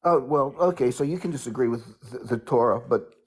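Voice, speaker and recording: Guest: American man on a call-in debate, slow and measured, full of ums and uhs. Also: medium pitch, darkish tone, breathy edge. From United States. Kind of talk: live online debate.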